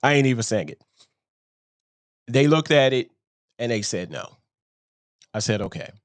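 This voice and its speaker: A man speaking in a slow, unhurried way, rambling casually and chuckling at his own lines. His voice sits at a middling pitch. It was recorded close and dry, with no room echo. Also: expressive. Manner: slow, rambling, laughs at himself. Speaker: show host. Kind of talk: casual storytelling monologue.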